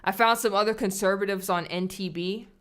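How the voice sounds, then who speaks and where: A woman hosts a livestream from a desk surrounded by screens, chatting casually with her audience. She talks at an easy mid pitch and laughs often. Now and then she drops to a hushed whisper. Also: fairly even intonation, brisk, clean tone. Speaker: livestream host. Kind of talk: casual chat. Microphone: streaming setup at a desk with screens.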